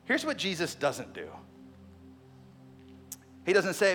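A man preaching an Easter sermon as a pastor, energetic and conversational, with quick asides and acted-out quotes. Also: on the high side. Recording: long reverb in a large hall with faint music.

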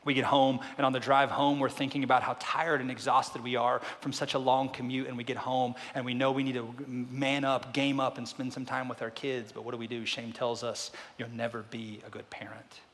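A man preaches a sermon in a voice of middling pitch. He drops to near hushes and then climbs to loud peaks, firing off repeated rhetorical questions. His words ring out with a long reverb from a large hall. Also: level tone, brisk, few pauses. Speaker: pastor.

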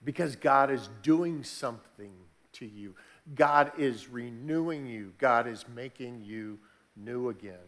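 A man preaching a sermon, moving from quiet, conversational teaching to raised, emphatic preaching. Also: mid-range voice, unhurried. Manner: conversational, with restarts and asides. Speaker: pastor.

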